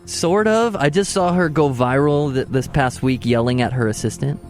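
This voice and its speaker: A man's voice: medium pitch, moderate pace, soft background music. A man co-hosting a radio show, reading out news items and answering with dry, terse quips. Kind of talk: casual radio banter.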